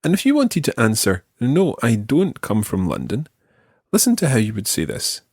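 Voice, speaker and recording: A Scottish man teaching a language lesson, patiently modelling phrases slowly for the learner to repeat. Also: medium pitch, huge pitch swings, darkish tone, no room sound, clean studio sound. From Scotland. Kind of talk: slow, clear language lesson.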